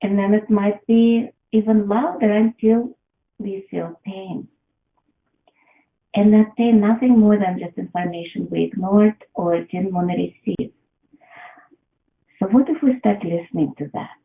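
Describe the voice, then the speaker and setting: A woman's voice: medium pitch, measured pace, creaky. A woman giving a reflective motivational talk, posing question after question to the listener. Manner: asks many rhetorical questions. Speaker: self-help speaker. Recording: tinny phone-like line in an echoey room.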